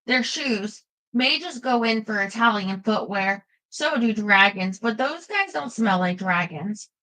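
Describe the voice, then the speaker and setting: A woman's voice: mid-range voice, lively intonation, takes it slowly, sharp tone, low-quality recording. A woman doing a wisecracking male demon dog. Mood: dry. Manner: wisecracking, greedy.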